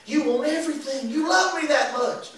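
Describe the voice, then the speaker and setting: A male evangelist and singer delivers a lively sermon with congregation call and response in a church sanctuary. His voice is high, his pace normal, and his manner folksy and animated, with laughing asides. Recorded from a distance, the church sound is heavily echoey.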